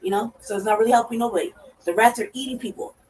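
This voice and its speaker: Profane, animated woman telling a story. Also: on the high side, very fast. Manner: animated, acts out her own reactions. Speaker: podcast co-host. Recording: distant mic with faint noise.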